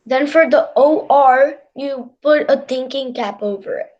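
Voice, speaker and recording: A student answering hesitantly in an online class over a video call, with fillers. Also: female voice, sits high, unhurried, highs cut off.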